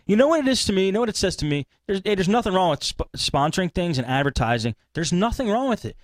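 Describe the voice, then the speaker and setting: A man's voice: high-pitched, big pitch swings, fast, no echo, studio quality. A man hosting a live tech podcast, ranting casually and animatedly with laughs. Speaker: podcast host.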